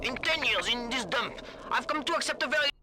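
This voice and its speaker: A man's voice: very high voice, lively intonation, fairly quick, noisy background. An actor playing a bitter, fussy Frenchman with an exaggerated French accent, complaining theatrically about wine. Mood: indignant.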